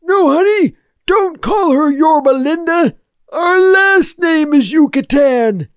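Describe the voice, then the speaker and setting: A man voicing a slow, muddled, forgetful hotel bell captain in a comedy sketch, speaking in vague deadpan non sequiturs. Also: very high-pitched, dry recording, studio quality, full character voice. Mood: dim.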